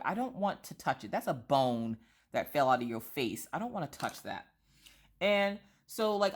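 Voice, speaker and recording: A woman in her thirties chatting casually about her kids while she colors, telling lively stories and acting out quotes. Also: a bass voice. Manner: chatty, animated storytelling with voiced quotes. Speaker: vlogger and mother.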